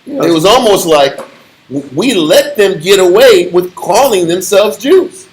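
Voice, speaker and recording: A man with a fairly high voice teaches scripture in a relaxed, conversational way. He speaks in slangy tones and tells stories with animation. He often laughs. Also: measured pace, low-quality recording. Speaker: bible study teacher.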